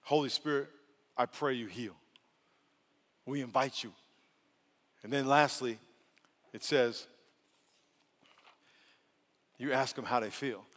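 A male pastor preaching a lively, playful sermon that swings from soft asides to loud outbursts. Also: mid-range voice, a little slow, long pauses. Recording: long hall reverb.

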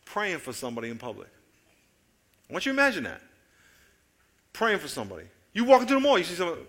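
Animated preacher with a bright voice. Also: male voice, fast talker, long pauses. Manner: animated storytelling, acting out voices and jokes; swings from loud excited calls to low quiet asides. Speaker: pastor. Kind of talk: sermon.

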